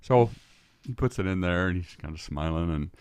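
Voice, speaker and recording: Older guy, super deep voice, rambling story on a podcast, dry close mic. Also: animated, moderate pace, a little mellow, clean tone, no echo. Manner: rambling, with repeated restarts. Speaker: podcast guest. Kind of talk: storytelling in casual conversation.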